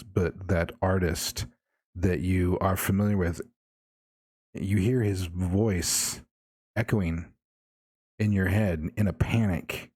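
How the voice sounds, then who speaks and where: A man narrating as game master of a horror tabletop game, slow and measured, with repeated refrains. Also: sits low, darkish tone, no echo.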